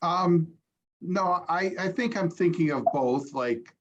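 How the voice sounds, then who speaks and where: A man's voice: high voice, slow pace, muffled recording, slight background noise. A man taking a casual language lesson, speaking hesitantly and reciting carefully. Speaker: student.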